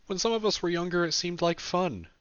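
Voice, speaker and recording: A man's voice: sits high, clear, resonant tone, no echo, highs cut off, voice pushed up. Man doing a weary, jolly old alchemist. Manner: weary, soft, halting.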